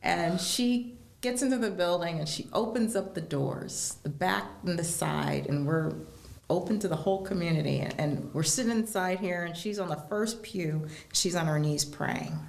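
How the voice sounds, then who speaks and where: Low gravelly woman telling a story. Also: moderate pace, echoey room. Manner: animated storyteller, acts out quoted voices. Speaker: guest. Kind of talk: storytelling in a casual interview.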